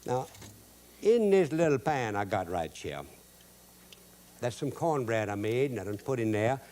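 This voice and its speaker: Speaking at a measured pace, a man with a medium-pitched, darkish voice sounds very animated as he hosts a cooking show. His Cajun accent comes through in a drawl, and he jokes in homespun, broken-grammar talk throughout the folksy demonstration.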